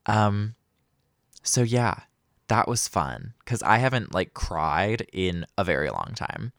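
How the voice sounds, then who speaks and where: A man's voice: on the low side, sing-song, slow pace, a bit bright, dry recording, clean studio sound. A young man hosting a casual solo podcast, rambling and self-deprecating with lots of fillers. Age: young adult. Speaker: podcast host.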